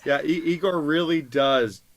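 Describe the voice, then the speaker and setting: A man's voice: on the high side, measured pace. Joking male songwriter co-host. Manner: joking, playful. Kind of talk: casual reaction chat. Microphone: video call.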